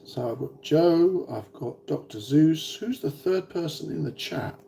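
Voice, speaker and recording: British man in his forties, gravelly voice, rambling livestream chat, hesitant with lots of ums. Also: on the high side, animated, a little slow, mellow, a little hiss or hum. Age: 40s. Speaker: vlogger. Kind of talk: casual livestream chat with viewers.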